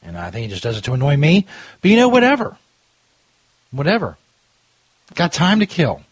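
A man's voice: a little high, wildly swooping pitch, moderate pace, husky, dry recording. A man hosting a podcast in a stoner Jesus persona, ranting and joking with lots of profanity. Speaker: podcast host. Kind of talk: casual rant podcast.

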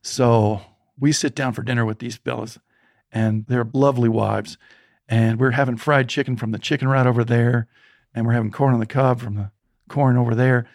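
A man, a storytelling coach, interviewed as a guest and telling a personal story in a vivid, animated way. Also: medium pitch, fairly quick, no echo, clean studio sound.

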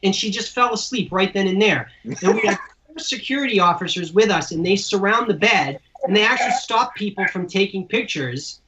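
A man's voice: high voice, expressive, a little fast, sharp tone, a little hiss or hum. A man who manages celebrities, telling long rambling anecdotes in casual conversation over a remote call. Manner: chatty, rambling anecdotes with restarts. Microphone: remote call audio. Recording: dull lo-fi call audio.

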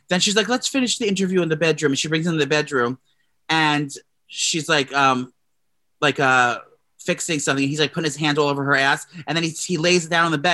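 Bright-voiced young man gossiping. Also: on the high side. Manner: rambling, gossipy, many fillers and restarts. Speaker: podcast co-host. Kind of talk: casual gossip chat.

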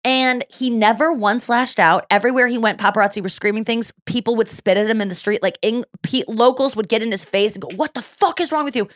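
Animated woman podcast host, dry mic. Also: a little high, a little fast, few pauses, dry recording. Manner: animated storytelling, quoting others in acted voices. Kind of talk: casual chat.

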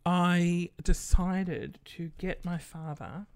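A man's voice: high-pitched, fairly even intonation, slow, clear, resonant tone, no echo, studio quality. Chatty Australian man telling stories. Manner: chatty and rambling, swears casually, many fillers. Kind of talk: casual storytelling monologue.

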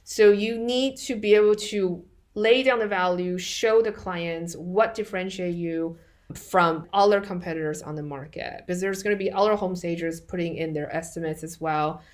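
A woman's voice: on the low side, normal speed. A woman hosting a podcast, giving direct, practical business advice in a conversational way. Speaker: podcast host.

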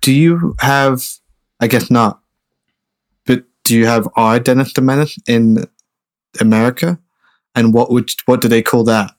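A man's voice: medium pitch, measured pace, pauses often. A man co-hosting a film podcast, joking, swearing and laughing his way through the chat. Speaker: podcast co-host.

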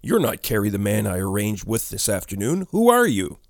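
A man voicing a frightened young woman researcher of about thirty, asking high, breathless, urgent questions. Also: wildly swooping pitch, normal speed, no room sound, clean studio sound. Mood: startled.

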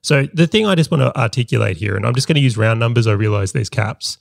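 A man's voice: mid-range voice, lively intonation, fast, gravelly, dry recording, clean studio sound. A man co-hosting a business podcast, explaining ideas step by step in an analytical way. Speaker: podcast co-host. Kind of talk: casual business podcast chat.

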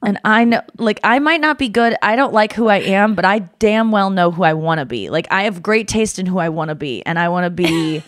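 A woman's voice: mid-range voice, a little fast, few pauses, no room sound. Woman host, casual self-deprecating podcast banter, dry booth sound. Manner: candid, self-deprecating, animated rambling. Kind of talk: casual chat.

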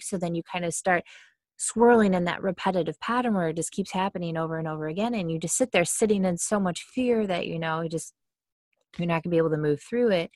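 A woman with a lowish voice talks casually about mindsets, leaning on fillers like "kinda" and slipping into little acted complaints. The sound is close and dry, with no room around it. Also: quick pace, a little mellow, dry recording. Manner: chatty, many fillers, acts out quoted complaints. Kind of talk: casual explanatory talk.

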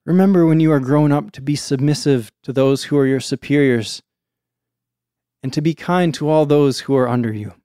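A man voicing a gentle noble mother on her deathbed, speaking softly and weakly in a read-aloud folktale. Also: fairly high pitch, moderate pace, clear, resonant tone, dry recording, studio quality, natural voice. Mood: tender, fading. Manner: soft, weak dying voice.

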